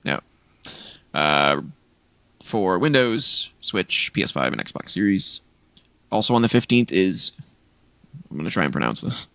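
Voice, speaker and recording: A man's voice: sits low, big pitch swings, unhurried, creaky, long pauses, sharp tone, dry recording. A man co-hosting a gaming podcast in casual chat, rambling through a list of game releases with restarts. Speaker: podcast co-host.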